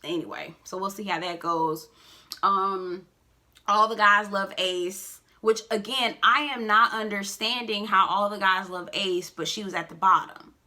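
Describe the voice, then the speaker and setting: Speaking at an even, measured pace, a woman gives a sassy, relaxed reality-show recap, peppered with expressive side comments and dramatic pitch swings.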